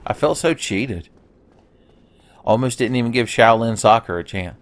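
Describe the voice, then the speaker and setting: A man's voice: medium pitch, lively intonation, normal speed, dry recording. A man casually commenting over his own gameplay, rambling into joking asides and swearing freely. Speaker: let's play host.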